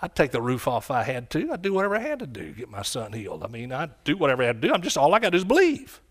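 A man preaching a sermon, swinging from quiet, low lines to loud, shouted ones. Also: wildly swooping pitch, racing, slightly rough. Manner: impassioned, rising to shouts and dropping low.

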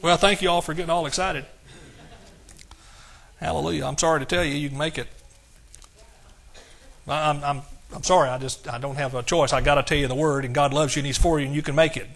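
Bright-voiced preacher man. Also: fairly high pitch, steady tone, gravelly. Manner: exuberant, shouts praise, quotes scripture in slow emphatic reading. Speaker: pastor. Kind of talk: sermon.

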